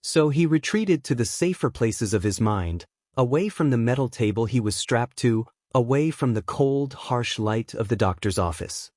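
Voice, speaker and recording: A man reading a dark fan fiction story aloud as narrator, in a steady, even storytelling manner. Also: medium pitch, normal speed, few pauses, no room sound, clean studio sound.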